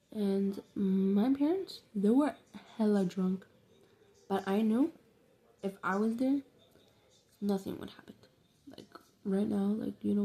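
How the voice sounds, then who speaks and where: A woman's voice: mid-range voice, warm tone. A young woman telling a rambling, slangy, profane story in a casual vlog. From New York City. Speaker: vlogger.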